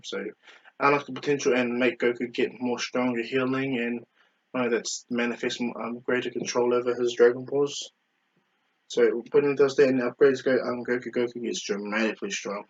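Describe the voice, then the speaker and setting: A man's voice: mid-range voice, little pitch movement, normal speed, lo-fi sound. A man casually retelling a fan story, rambling with many fillers and self-corrections.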